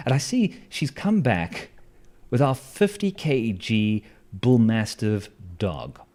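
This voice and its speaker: A man's voice: mid-range voice, very animated, slow, a little mellow. A man telling a personal story in a casual, wry, self-mocking way, with lots of fillers and restarts.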